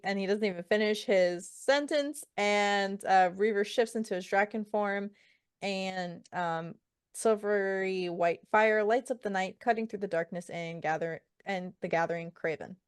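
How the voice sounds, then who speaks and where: A woman co-hosting a casual book podcast, her voice smooth and clear. She swears freely and animates the scenes she recaps by quoting the characters. The sound is dry and close, with no room echo. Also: mid-range voice, unhurried. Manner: profane, animated retelling with quoted character lines. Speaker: podcast co-host.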